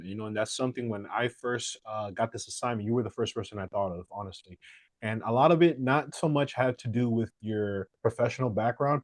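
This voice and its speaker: Friendly low-voiced male interviewer. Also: darkish tone, no echo. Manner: friendly, affirming, hesitant with fillers. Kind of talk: casual interview.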